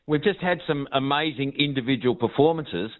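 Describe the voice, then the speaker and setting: A man's voice: medium pitch, fairly quick. Male guest, upbeat sports chat, phone-line audio. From Australia. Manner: enthusiastic, repeats himself.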